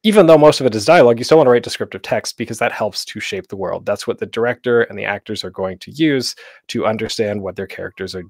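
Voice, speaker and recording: A young man walks through his slides in a loose, chatty way, his speech full of ums and quick self-corrections. His voice sits on the lower side. The recording is dry and close, with no room sound. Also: a little mellow, dry recording. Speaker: convention panel host. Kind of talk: casual slideshow presentation. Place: home setup, online talk.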